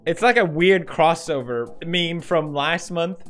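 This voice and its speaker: A man's voice: fairly high pitch, slow pace, hardly any pauses, pushed and bright, faint music behind. A young man hosting a comedic meme-reaction show, exclaiming, laughing and mock-outraged as he reacts. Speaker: host.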